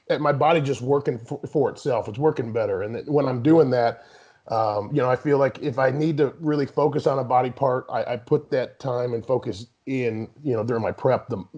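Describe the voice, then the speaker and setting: A man's voice: mid-range voice, dark tone. A man in his thirties, a guest bodybuilder, talking casually and rambling with many restarts. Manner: rambling, frequent restarts and "you know". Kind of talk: casual interview talk. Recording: dull lo-fi sound.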